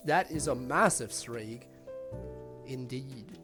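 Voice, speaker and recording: A game streamer chatting casually on a live stream at a mid-range pitch, tossing in quick reactions between longer thoughts. Game music plays faintly in the background. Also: lively intonation. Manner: chatty, reacts with short asides.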